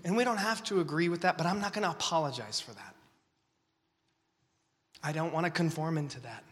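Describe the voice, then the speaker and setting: A man preaching to a young crowd with great passion, dropping to whispers and rising to shouts, while fighting the flu. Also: fairly high pitch, brisk, pauses often. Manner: impassioned, swinging from whispers to shouts. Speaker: speaker at a youth gathering. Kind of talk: sermon. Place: large hall. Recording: long reverb of a large hall.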